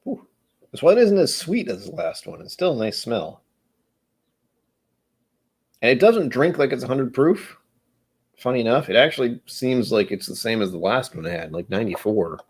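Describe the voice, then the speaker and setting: A man's voice: mid-range voice, sing-song, normal speed, pauses often, slightly rough. A man hosting a live whiskey tasting, chatting casually in a rambling, musing, self-deprecating way. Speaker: host of a whiskey tasting stream. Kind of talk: casual live-stream chat while tasting.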